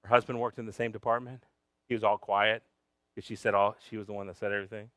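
This pastor's sermon centers on a personal story, delivered fast in a fairly low, level voice. He moves between loud shouting and near whispers, occasionally addressing the congregation in Spanish, all captured in a dry recording.

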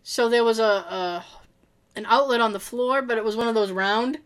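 A woman co-hosting a podcast, telling a story in a casual, animated way and acting out what people said. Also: fairly high pitch, moderate pace, smooth. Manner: animated, laughing, acts out quotes. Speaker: podcast co-host.

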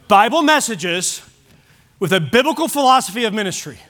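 A man's voice: high-pitched, sing-song, moderate pace, fairly bright tone. A man preaching a sermon at a church service, emphatic and repeating key phrases for weight.

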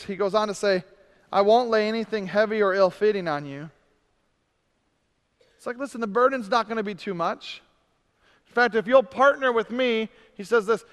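A man preaching a sermon, swinging from loud, emphatic stretches to soft, drawn-out words. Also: high-pitched, clean tone. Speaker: pastor. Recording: long hall reverb.

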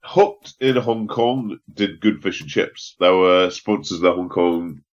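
Low-voiced man, dull lo-fi sound. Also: unhurried. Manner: curious, asks questions, interjects. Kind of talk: casual chat.

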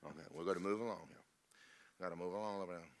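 A man's voice: low voice, rapid-fire. A man preaching a sermon as pastor, folksy and joking, then rising to emphatic preaching.

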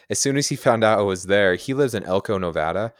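A man with a very deep voice co-hosts a relaxed podcast. He sounds enthusiastic and quick to laugh, recorded dry with no room echo. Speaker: podcast co-host. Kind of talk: casual chat.

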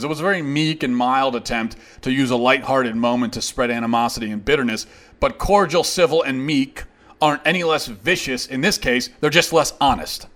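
A man's voice: mid-range voice, fairly bright tone. A man hosting a show, delivering a heated, sarcastic opinion monologue in reply to a critic. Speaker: host.

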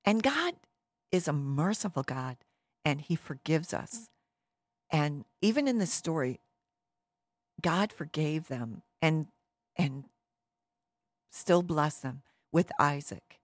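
A woman telling a Bible story in an animated, casual way, with many fillers. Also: low-pitched, slow, pauses often, dry recording. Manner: lively, with many fillers and restarts.

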